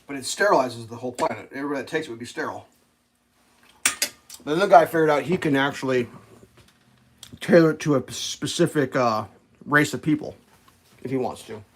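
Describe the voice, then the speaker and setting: A man talks in a loose, rambling way, swearing freely and trailing into fillers. His pitch sits at an ordinary middle height. Faint noise runs underneath him, with cutlery and dishes clinking now and then. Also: a little fast, pauses often. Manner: rambling and profane, with frequent fillers and laughs. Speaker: live streamer. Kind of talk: casual rambling chat.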